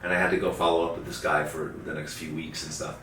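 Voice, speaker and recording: Male interview guest with a low voice, loose rambling storyteller who swears casually; roomy echo, faint background noise. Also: little pitch movement, fast talker, bright, forceful tone, distant mic.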